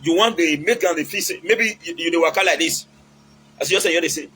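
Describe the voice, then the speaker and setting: A man's voice: on the high side, fast talker, pushed and bright, a little hiss or hum, rough recording. A man with a Nigerian accent giving casual, preachy relationship advice, mixing in Pidgin and acting out quotes.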